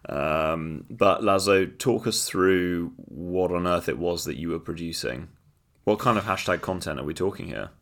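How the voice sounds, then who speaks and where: A man's voice: deep voice, a little slow, vocal fry, a bit bright. A man co-hosting a casual podcast chat, teasing with a dry wit. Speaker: podcast co-host.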